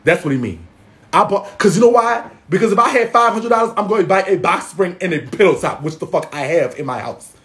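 A man giving casual gossip commentary in a sassy, profane, dramatic way, with loud exclamations and laughing. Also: sits high, expressive, fairly quick. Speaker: gossip vlogger.

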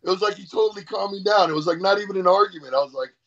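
A man guest in a casual interview, telling an animated, profane story about powerlifting. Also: sits high, very fast, a crowd in the background. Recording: dull lo-fi sound.

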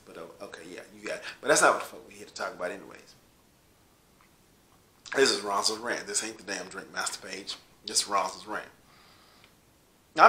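Brief: LA man ranting profanely, very bright, cutting tone, echoey room. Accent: Los Angeles. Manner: swearing, heated, louder and higher when riled. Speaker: host of a rant show.

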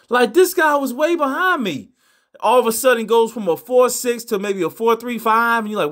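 A man's voice: very high voice, moderate pace, a bit bright. A young man hosting his own boxing channel, talking in a loose, profane, rambling way and repeating himself, swinging between mock outrage and laughter. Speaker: host of a boxing news channel. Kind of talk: casual reaction commentary.

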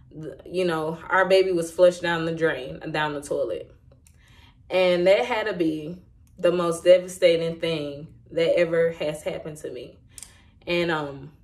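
A woman sharing an emotional personal testimony in a candid, halting way, with many fillers and restarts. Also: lowish voice. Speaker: Christian vlogger sharing a testimony.

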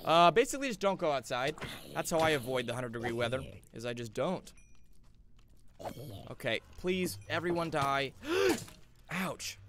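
Young guy streaming a game, high voice that jumps all over, chatty and jumpy, bit of hiss and clicks. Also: normal speed, pauses often. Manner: excitable, yelps and laughs at danger, chats to viewers. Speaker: gaming streamer. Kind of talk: live-stream gameplay commentary.

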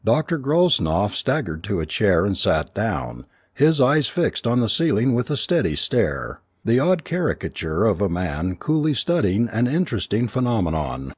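Man, audiobook narrator, expressive, animated pitch, dry studio sound. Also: slightly rough, no echo. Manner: measured, expressive storytelling. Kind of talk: scripted narration.

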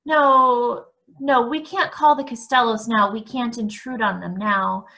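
A woman's voice: a little high, steady tone, a little slow, sharp tone, rough recording. A woman reading a novel aloud, voicing a flustered mother who stammers with urgency. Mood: anxious.

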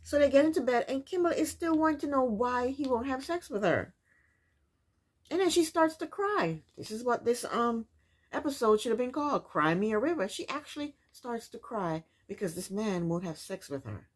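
A woman's voice: fairly high pitch, lively intonation, normal speed, husky. A woman casually recapping a reality TV episode, with incredulous, opinionated commentary and rhetorical questions.

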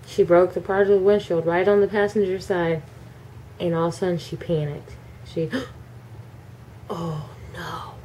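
A woman telling her child a bedtime story, animated and acting out the characters. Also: lowish voice, a little fast, slight background noise. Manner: animated, acts out every character.

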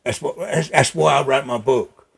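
An older man, gravelly and husky, speaking bluntly and emphatically in a casual interview at his home, swearing freely. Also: medium pitch, moderate pace. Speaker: interview guest.

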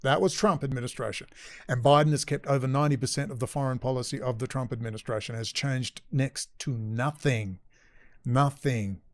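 A man's voice: medium pitch, steady tone, a little fast. A middle-aged man delivering a profane, sarcastic political rant as a commentator. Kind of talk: ranting video commentary.

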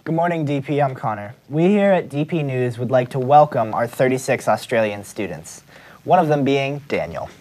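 A man's voice: mid-range voice, lively intonation, moderate pace, darkish tone, a little hiss or hum. A male student anchoring a school news show, reading announcements in a plain, scripted way.

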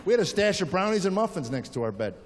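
A man in his fifties performing a stand-up comedy routine, telling animated stories and acting out the people in them. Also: high voice, fast talker. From United States. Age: 50s. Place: stage in a large venue. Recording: live show in a big hall, audience and room noise behind. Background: audience laughing and applauding.

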